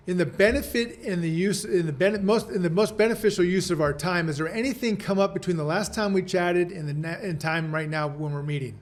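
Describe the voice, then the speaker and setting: An earnest man with a fairly high voice explains his coaching points on a podcast, repeating the key ones for emphasis. He slips into acting out short sample exchanges with a client. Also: normal speed. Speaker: guest sales coach. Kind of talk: podcast conversation.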